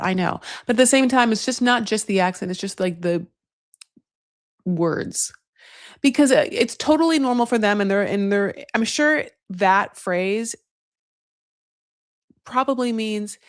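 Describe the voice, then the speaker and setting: A woman hosting a casual TV recap. She is chatty and animated, with a sarcastic edge, and swears freely. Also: mid-range voice, moderate pace, no room sound, clean studio sound. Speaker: host.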